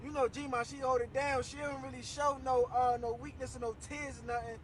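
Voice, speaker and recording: Young guy, high pitched, telling a wild story to his phone, acts out all the voices, faint noise behind. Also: fairly quick, low-quality recording. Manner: animated, slangy, acts out quoted voices. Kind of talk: casual story time to camera.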